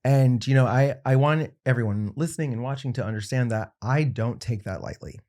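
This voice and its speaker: A man's voice: mid-range voice, warm tone. Guy on a podcast, thoughtful, keeps restarting his sentences, reflective. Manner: thoughtful, halting with many restarts. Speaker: podcast guest, makeup artist.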